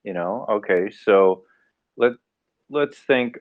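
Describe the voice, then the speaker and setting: An American man speaking as a panelist in a casual live discussion, animated and acting out little scenarios as he talks. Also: on the low side, slow, no room sound. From United States. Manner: animated, acts out mock scenarios, laughs. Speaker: AMA panelist. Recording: tinny phone-like line, dry.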